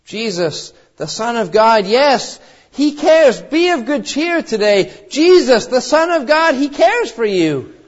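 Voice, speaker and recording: A man's voice: very high voice, sing-song, slow pace. A man preaching a sermon, retelling a Bible story in an earnest way and swelling with fervor as he appeals to the listener. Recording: dull lo-fi recording.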